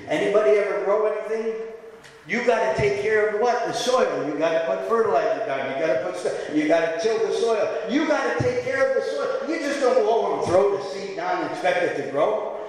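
Impassioned pastor preaching in an echoey hall. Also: male voice, high voice, expressive, moderate pace. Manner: impassioned, swings from quiet to shouting. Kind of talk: sermon. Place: church.

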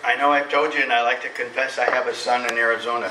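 A middle-aged man preaching a sermon as pastor, emphatic, swinging between loud preaching and soft confiding. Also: medium pitch, flat delivery, fast, distant mic, background noise. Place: church sanctuary. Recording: echoey church hall from off-mic.

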